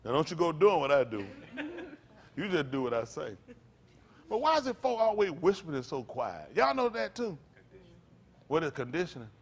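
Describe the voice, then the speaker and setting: Male pastor, kinda high voice, aave, joking sermon style, acts out little scenes. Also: sing-song, moderate pace, long pauses. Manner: conversational preaching with comic asides and acted-out voices.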